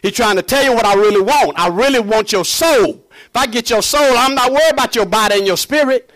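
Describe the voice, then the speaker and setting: Fervent preacher man, booming and hushed. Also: brisk. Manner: fervent, swinging from booming shouts to low murmurs. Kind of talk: sermon.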